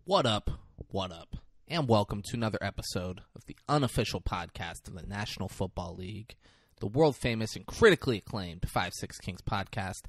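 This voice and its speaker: A man's voice: fairly low pitch, lively intonation, fairly quick, slightly rough, no room sound, clean studio sound. A man hosting a comedy podcast, ranting in a casual, profane, jokey way. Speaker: podcast host.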